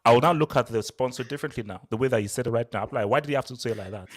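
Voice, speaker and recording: A man hosting a casual football chat, excitable and repeating himself. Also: medium pitch, rapid-fire. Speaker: show host.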